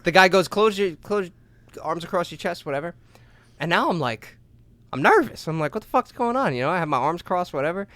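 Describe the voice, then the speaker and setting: A young man co-hosting a podcast, telling a long story in a loose, profane way, acting out voices and shouting at the big moments. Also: a little high, animated, brisk, no echo. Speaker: podcast co-host. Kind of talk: casual storytelling chat.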